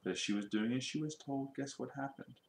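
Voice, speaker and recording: A man's voice: mid-range voice, fairly quick, echoey room. Man reading a children's storybook aloud. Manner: lively, asks listeners questions.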